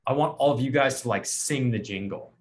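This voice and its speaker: A man hosting a casual podcast, telling a long story with lots of life and acting out the other people's lines himself. His pitch sits in a middle range and moves around. He talks the way you would with a friend. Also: fairly quick. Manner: animated storyteller acting out quotes. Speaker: podcast host.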